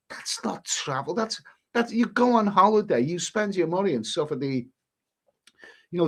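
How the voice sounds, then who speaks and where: A man hosting a travel live stream, reading viewer comments aloud and rambling in an exasperated way. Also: medium pitch. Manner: rambling, exasperated, swears mildly.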